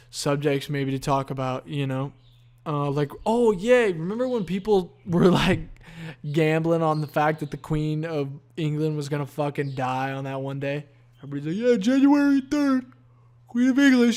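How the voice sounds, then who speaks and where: A man's voice: on the high side, darkish tone. A tired, yawning man hosting a solo podcast, rambling in a laid-back, profane stream of consciousness. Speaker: podcast host.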